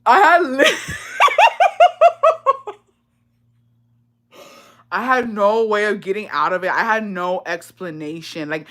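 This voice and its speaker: A woman's voice: medium pitch, a bit bright. A young woman vlogger telling embarrassing childhood confessions in casual, profane slang, often breaking into laughter.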